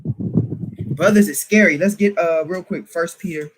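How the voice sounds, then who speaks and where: High-pitched male teacher, fiery informal preaching, rhetorical jabs, faint background noise. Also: a little slow. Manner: emphatic, rhetorical questions, teasing laughs. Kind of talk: informal preaching to a small group.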